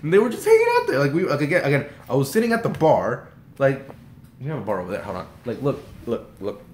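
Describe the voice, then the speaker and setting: A young man from Texas excitedly retelling a personal story as a vlogger, rambling and animated with lots of "like" and restarts. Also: medium pitch, fast talker. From Texas, USA. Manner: rambling and animated, heavy use of "like", frequent restarts. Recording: roomy echoey room.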